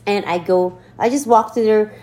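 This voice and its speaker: Animated woman telling a wild story. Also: mid-range voice, normal speed. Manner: animated, laughing, swearing storyteller. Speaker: podcast co-host. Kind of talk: casual storytelling chat.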